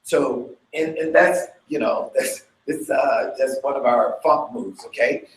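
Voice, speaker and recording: A male instructor leading a dance fitness workshop talks in a mid-range voice that's a little slow. He chats, checks in with listeners and energetically vocalizes beats and sounds, recorded in an echoey room.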